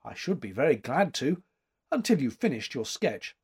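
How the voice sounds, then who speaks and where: A man's voice: mid-range voice, big pitch swings, moderate pace, a little mellow, slightly rough, exaggerated voice. A man reading aloud voices a gaunt, lovestruck man who speaks with composed, resolute cheer. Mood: earnest.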